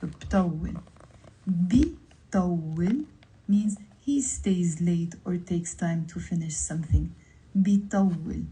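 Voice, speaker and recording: A woman with a Lebanese accent teaching vocabulary on a livestream, pronouncing each word slowly and carefully, then repeating it. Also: lowish voice, steady tone, warm tone, rough recording. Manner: slow, careful word-by-word pronunciation drills.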